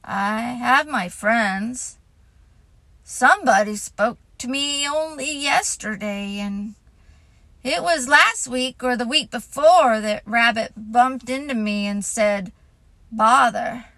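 A woman's voice: a little high, slow, fairly bright tone, dry recording. A woman voicing a gloomy, self-pitying old male donkey who makes a pompous, mournful speech.

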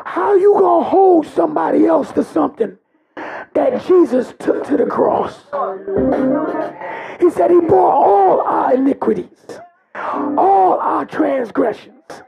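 A man preaching a sermon with great passion, his voice breaking into cries and shouts. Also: extremely high pitch, animated, takes it slowly, gravelly, soft background music, poor audio.

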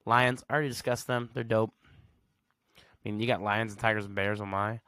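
A man's voice: on the low side, steady tone, fairly quick, fairly bright tone, no echo. A man hosting a solo podcast in a casual, slangy way, reading facts aloud and reacting with blunt verdicts. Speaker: podcast host.

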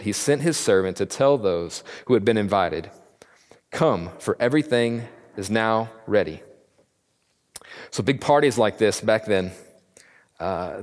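A man giving a casual Bible teaching, talking conversationally and acting out quotes in slangy voices, recorded in a church hall. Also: deep voice. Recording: long reverb of a large room.

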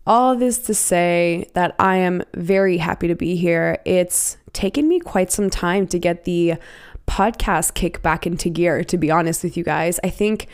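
A young woman hosts her own podcast in a loose, bubbly solo chat, wandering through spiritual musings. Her voice sits a little low and sounds a bit raspy. She talks with eager, rambling warmth. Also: a little slow. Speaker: podcast host and self-healing coach.

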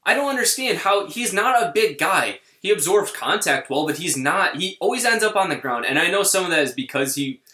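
Bright-voiced male podcast co-host, rambling. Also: sits high, fairly quick, hardly any pauses, roomy sound. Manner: animated, rambling, restarts sentences. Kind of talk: casual podcast chat.

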